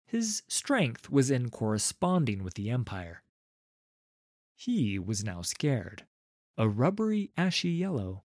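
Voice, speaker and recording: A man reading a fantasy story aloud as narrator, in a lively, unhurried way. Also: medium pitch, no echo, studio quality.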